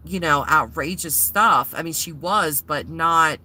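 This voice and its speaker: A woman talks straight to her viewers in a loose, rambling vlog. Her voice is bright and a little tense, and she sounds shaken as she keeps stopping and restarting. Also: low voice, a little slow. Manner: rambling and shaken, many fillers. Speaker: vlogger. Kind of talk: casual vlog retelling.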